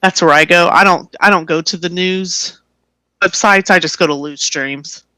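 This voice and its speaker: Podcast cohost chatting, bright voice, dry close sound. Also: medium pitch, moderate pace, dry recording. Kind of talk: casual chat.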